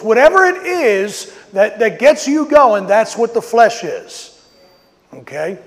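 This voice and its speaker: A man's voice: high voice, sing-song, slow pace, in a large hall. A man preaching a sermon outdoors, telling a story and acting out quotes with rising emphasis. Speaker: pastor. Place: outdoors on a street.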